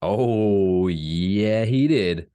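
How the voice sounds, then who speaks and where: A man, co-hosting a casual podcast, telling stories with lively, swooping emphasis. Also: very slow, clear, resonant tone. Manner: animated storytelling, swooping pitch, laughs while talking. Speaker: podcast co-host.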